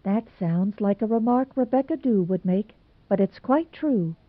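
A woman reading aloud does a level-headed young teacher, brisk and cool, speaking with plain common sense. The voice sits in a narrow, phone-like band and sounds dry. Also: mid-range voice, lively intonation, no room sound, voice pushed up.

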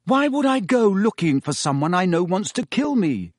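A man's voice: on the high side, very animated, moderate pace, husky, no room sound, studio quality, pitched above the performer's own voice. A man voicing an earnest teenage boy wizard who keeps insisting he is fine. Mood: insistent.

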